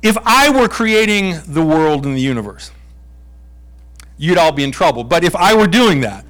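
A man delivering a sermon in a light, playful manner. His voice sits a little higher than most men's, and he slips into quick acted exchanges between characters. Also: very animated, fairly bright tone. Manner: playful, acts out voices of God and Job. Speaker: preacher.

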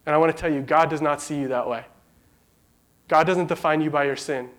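A man delivers a sermon in an earnest, conversational way, speaking from the heart. He sounds emotional, holding back tears, and his voice sits slightly higher than most men's. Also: fairly even intonation, fairly quick, fairly bright tone. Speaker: preacher.

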